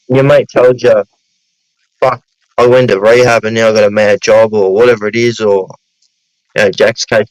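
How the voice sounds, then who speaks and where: A man's voice: medium pitch, no echo, low-quality recording. An Australian man hosting a casual chat in a blunt, sweary, earnest way.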